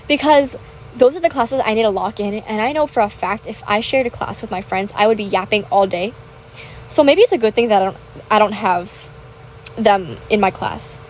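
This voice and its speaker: Teen girl yapping bubbly over gameplay, kinda high voice, faint hiss behind. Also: a little mellow, low-quality recording. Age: teens. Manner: bubbly, chatty, dramatic retelling. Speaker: gaming vlogger. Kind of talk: casual chat over gameplay.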